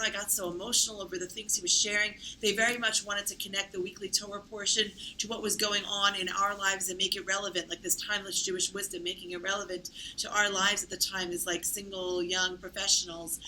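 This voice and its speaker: A woman's voice: medium pitch, bright, forceful tone, slight background noise, poor audio. A woman telling her own story in conversation, chatty, with many fillers and self-corrections. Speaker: interview guest.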